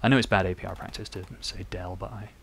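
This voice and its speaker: A man's voice: low voice, steady tone, fast talker, creaky, a bit bright, a little hiss or hum. A young man chatting and thinking aloud while he codes live on stream. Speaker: developer live-coding on stream. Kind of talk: live coding tutorial.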